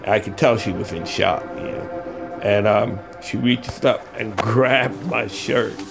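An older man from California telling a personal story, halting and reflective, with pauses and fillers. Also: on the low side, gravelly, over music. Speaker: eyewitness storyteller. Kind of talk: personal story told in interview.

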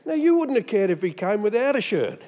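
An Australian man preaching a sermon, animated and humorous, mimicking voices as he goes. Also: high voice, fairly quick, big-room sound. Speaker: pastor.

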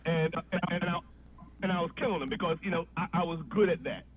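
A man's voice: a little high, quick pace, breathy edge. A man, a comedian telling a long story on a podcast and acting out the voices in it. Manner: animated storyteller, acts out voices. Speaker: guest comedian. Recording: tinny phone-like line with faint noise.

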